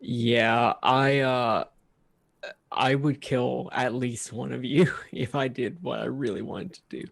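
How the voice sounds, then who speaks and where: Gravelly, hesitant man player. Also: mid-range voice, steady tone, slow pace. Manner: hesitant, filler-heavy. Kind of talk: tabletop game play.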